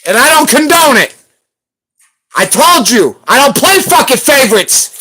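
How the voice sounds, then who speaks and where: Heated, cursing man with a bright, forceful voice. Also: very high voice, very animated, unhurried, slightly rough. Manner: heated, profane, confrontational. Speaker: livestreamer hunting for rare banknotes. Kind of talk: live stream rant.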